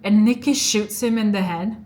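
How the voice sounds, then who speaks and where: A young woman vlogger casually retelling and reviewing a movie, chatty and animated, acting out quoted lines. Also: medium pitch, normal speed.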